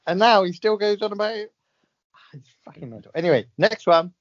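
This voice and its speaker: A man co-hosting a comic chat, joking and putting on deep, slow voices of dead celebrities. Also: muffled recording. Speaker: podcast co-host. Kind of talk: comic chat, doing séance impressions.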